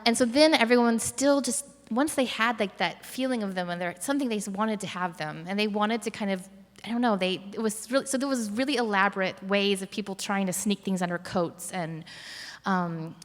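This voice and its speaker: A woman's voice: medium pitch, fairly bright tone, big-room sound. A woman curator telling a story in a conversational interview, reflective, with many fillers and restarts.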